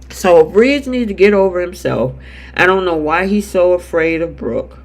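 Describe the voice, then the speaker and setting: A man with a high voice runs a live soap recap chat. He talks in a casual, animated way, reading out viewer comments and acting out the characters' lines as he goes. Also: normal speed. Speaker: show host.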